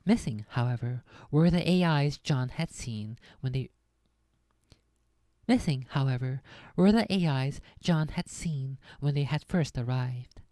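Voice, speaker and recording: A woman's voice: rumbling low, measured pace, mellow, no echo. A woman streamer reading a science fiction novel aloud, breaking off now and then for chatty, laughing asides.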